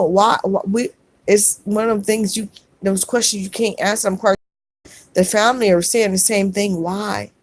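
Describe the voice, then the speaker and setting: Soft-spoken woman reading live chat. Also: medium pitch, no room sound. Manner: soft-spoken, consoling, calls viewers sweetheart and baby.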